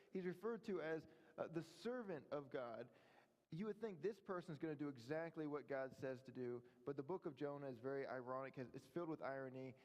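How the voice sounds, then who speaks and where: A man preaches to his congregation, his voice sitting a little high for a man. He talks in a conversational way, tossing in quick checks with his listeners. The sound hangs in a long hall reverb. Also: darkish tone. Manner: conversational preaching with frequent "right?" asides. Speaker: pastor. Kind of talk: sermon. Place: church sanctuary.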